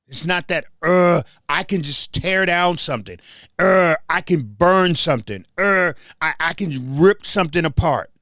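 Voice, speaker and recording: A man's voice: a little high, measured pace, pushed and bright, no room sound, studio quality. A man hosting his show, talking in a casual commentary monologue, emphatic and repeating phrases as he restarts them. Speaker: show host.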